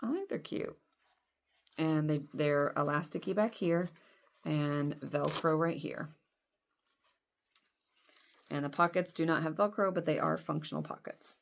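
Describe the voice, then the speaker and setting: Low-voiced chatty woman unboxing dolls. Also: measured pace, gravelly, pauses often. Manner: chatty, self-deprecating, rambling asides. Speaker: doll collector vlogger. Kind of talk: casual unboxing chat.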